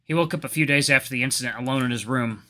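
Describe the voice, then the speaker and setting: A man's voice: mid-range voice, rapid-fire, pushed and bright. Upbeat man hosting a let's play. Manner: chatty, upbeat, reacts with curses. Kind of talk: let's play commentary and reading aloud.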